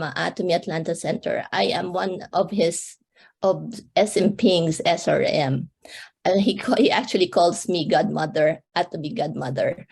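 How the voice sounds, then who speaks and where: A woman's voice: lowish voice, gravelly, a little mellow, husky. A woman on a video call introducing herself and offering thanks. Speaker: meeting participant.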